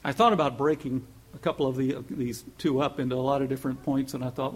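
Husky man preaching a sermon. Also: mid-range voice, quick pace. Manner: earnest, lively delivery with emphatic peaks and soft asides. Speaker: pastor.

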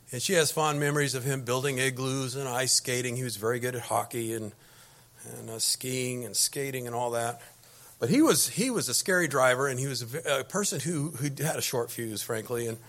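A man's voice: mid-range voice, a bit bright. Middle-aged man, preacher. Easygoing storytelling sermon to a congregation, with frequent false starts. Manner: folksy and anecdotal, with frequent restarts. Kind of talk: conversational sermon.

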